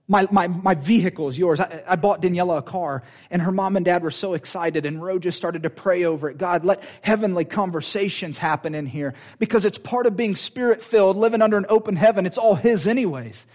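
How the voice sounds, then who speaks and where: A man preaching a sermon, animated and personal, often laughing and restarting his sentences. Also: sits high, brisk, few pauses.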